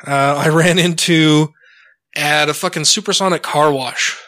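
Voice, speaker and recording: A man's voice: on the high side, a little slow. A man co-hosting a podcast, telling stories in casual, profane chat and acting out the people he quotes. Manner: profane, animated storytelling with acted quotes. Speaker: podcast co-host.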